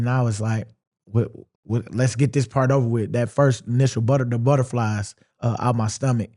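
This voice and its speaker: Relaxed, mellow-voiced man talking football. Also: medium pitch. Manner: relaxed, reflective, drawling storytelling with quoted inner thoughts. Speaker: interview guest, pro football player. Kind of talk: casual sit-down interview.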